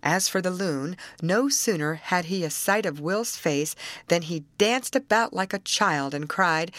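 A woman narrating an audiobook in an expressive storytelling manner. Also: fairly low pitch, a little slow, no room sound. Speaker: audiobook reader.

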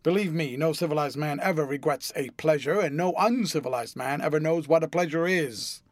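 A languid, witty gentleman of leisure who tosses off cynical epigrams in an airy, amused drawl, as a male narrator puts him on. His voice sits a little high and is heard close and dry, with no room sound, in an audiobook. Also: brisk, no echo, close to an everyday voice.

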